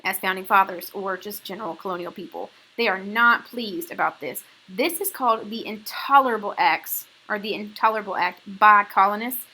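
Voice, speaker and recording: Bright-voiced, slangy woman teacher. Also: medium pitch, normal speed, few pauses, slightly rough, rough recording. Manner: casual and slangy, often checking in with a tagged "okay?". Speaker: history teacher. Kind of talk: recorded classroom lecture.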